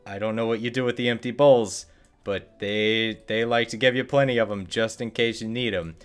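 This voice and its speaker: A man's voice: lowish voice, steady tone, normal speed, clean tone, faint music behind. A man streaming a video game live, chatting in a rambling, playful, self-mocking way. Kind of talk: live-streamed gameplay chat.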